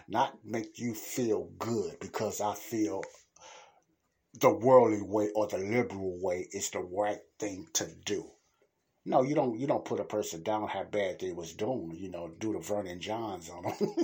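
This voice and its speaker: Casting: a male host with a low, husky voice who preaches bluntly in a casual monologue. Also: darkish tone. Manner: blunt, preachy, plain-spoken. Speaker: podcast host. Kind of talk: casual Christian teaching monologue.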